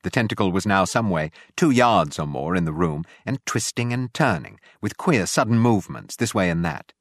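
A man reads a novel aloud in a measured, grave manner, his voice sitting low. The recording is dry and close, with no room sound. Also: animated, dry recording. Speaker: narrator. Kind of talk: audiobook narration.

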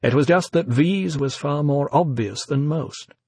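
Husky-voiced man narrating an audiobook. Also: fairly high pitch, unhurried, a little mellow, no room sound.

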